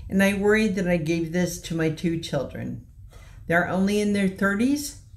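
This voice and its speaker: A woman in her sixties from Kansas City, giving a slow, halting personal testimony in a slightly shaky voice. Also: fairly low pitch, expressive. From Kansas City, USA. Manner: slow, halting, earnest delivery with pauses. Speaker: patient telling her own story.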